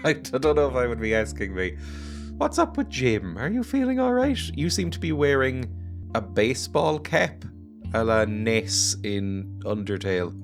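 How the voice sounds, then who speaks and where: Over background music, a let's play gamer with a medium-pitched, very animated voice talks at normal speed as he plays. He jokes around, chats casually and laughs a lot.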